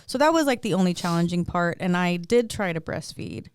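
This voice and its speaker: A woman's voice: fairly low pitch, lively intonation, a little fast, clean tone. A young woman hosting a podcast, telling a personal story in a candid, chatty way. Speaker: podcast host. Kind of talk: casual chat.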